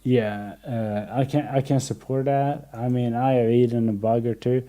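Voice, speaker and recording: A man's voice: mid-range voice, steady tone, normal speed, warm tone. A young man hosting a casual podcast chat, rambling through stories with lots of restarts and acted-out quotes. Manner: rambling, many restarts, acts out anecdotes. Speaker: podcast host.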